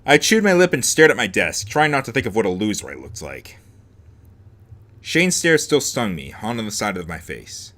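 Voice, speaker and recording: Bright, sarcastic man reading a visual novel. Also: lowish voice, sing-song, normal speed. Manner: sarcastic asides between narration. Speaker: let's play host.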